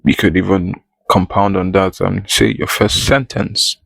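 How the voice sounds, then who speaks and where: Low gravelly man hosting a solo podcast. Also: level tone, measured pace, fairly bright tone, no echo, low-quality recording. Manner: playful, conversational, talks straight to the listener. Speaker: podcast host.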